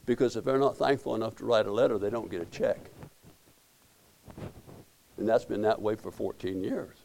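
Gravelly folksy pastor preaching. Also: male voice, fairly low pitch, fairly even intonation, moderate pace, darkish tone, slight background noise. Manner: folksy storytelling with repeated words and restarts. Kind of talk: sermon.

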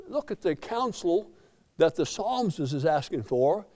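A middle-aged American man preaching a sermon, telling folksy stories and swelling loud in praise. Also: fairly high pitch, very animated, measured pace. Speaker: pastor.

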